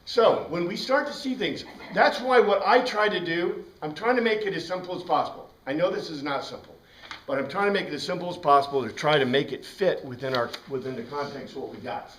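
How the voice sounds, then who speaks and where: A man teaching a Bible class, lively and digressive, spelling out Greek words for his students. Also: a little high, fairly quick. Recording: roomy room, distant mic.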